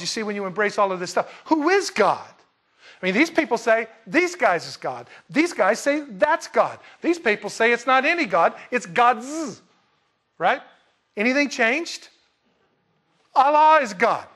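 High-pitched man preaching a conversational sermon. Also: a bit bright. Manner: conversational, emphatic, folksy asides.

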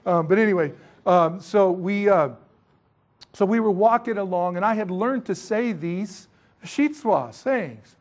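A man's voice: high-pitched, measured pace. A middle-aged man preaching in a rambling, chatty way, with self-mocking asides. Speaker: pastor. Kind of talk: sermon with missionary stories.

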